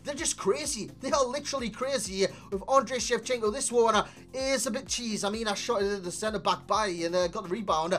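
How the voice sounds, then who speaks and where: A man giving a chatty, animated video game player review, talking to viewers as lads, recorded as a desk mic voice-over. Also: high voice, fairly quick, few pauses, faint music behind. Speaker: gaming YouTuber.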